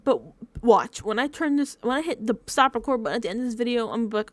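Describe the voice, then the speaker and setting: A woman's voice: on the high side, brisk, pauses often, dry recording. A woman vlogging casual reaction commentary, rambling and repeating herself with lots of fillers. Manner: chatty, self-deprecating. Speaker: recap vlogger.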